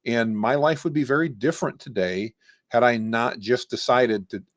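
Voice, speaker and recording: A man, a guest on an interview show, telling animated stories about starting his business. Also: medium pitch, normal speed, no room sound, clean studio sound. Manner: animated storyteller. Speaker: guest, AI trainer. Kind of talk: interview storytelling.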